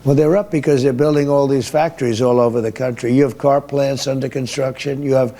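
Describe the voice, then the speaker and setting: A man's voice: medium pitch, steady tone, a little fast, dark tone. An older man answering in a rambling, repetitive, boastful way during an interview. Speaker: politician being interviewed.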